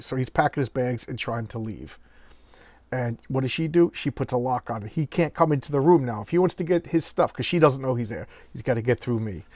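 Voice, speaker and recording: Flipping through an old comic book for a casual show-and-tell, a middle-aged man performs snippets of its dialogue and keeps correcting himself. His medium-pitched voice is captured in a dry recording, and his manner is chatty.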